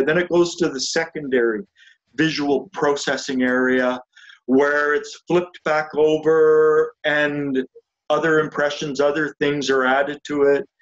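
A man explains ideas to an online group, speaking slowly and thoughtfully at an ordinary pitch. He often circles back and restarts phrases as he thinks. The sound is a little dull and muffled. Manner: slow, reflective, with frequent restarts. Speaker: group leader teaching spiritual ideas. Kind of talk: unscripted talk with read-aloud passages. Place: a room with chairs and a sofa.

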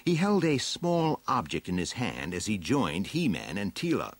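A man narrating a children's adventure storybook aloud in an expressive, dramatic way. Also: on the low side, moderate pace, no room sound. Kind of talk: storybook reading.

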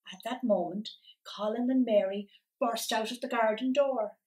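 A woman storyteller reading a picture book aloud for children, in an animated, expressive way. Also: on the high side, moderate pace. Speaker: library storyteller. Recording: voice from a distance.

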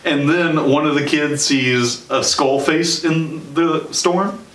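A young man hosting a casual movie review, chatty and sarcastic, with quick joking asides. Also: fairly high pitch, steady tone, fairly bright tone. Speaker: show host and movie reviewer. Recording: roomy sound from a distance.

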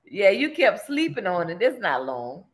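A woman's voice: mid-range voice, sing-song, normal speed, over a noisy crowd. Laughing New Orleans woman on a live stream. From Louisiana. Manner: laughs often, reads out viewer comments. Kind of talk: casual live stream chat.

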